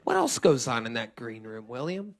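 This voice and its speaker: A man's voice: mid-range voice, huge pitch swings, moderate pace, gravelly. A man hosting a live comedy show, teasing and sarcastic as he questions a guest on stage. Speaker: host of a live comedy podcast.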